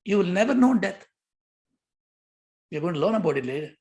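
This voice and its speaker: Older male teacher, lively questioning lecture delivery, prone to repeats. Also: high-pitched, brisk. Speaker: yoga philosophy teacher. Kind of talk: lecture on yoga sutras.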